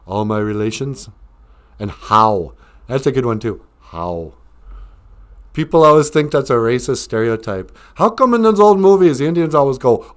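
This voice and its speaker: A man's voice: medium pitch, animated, moderate pace. A man hosting a casual live stream, reading viewer comments aloud and rambling through jokes, laughing often.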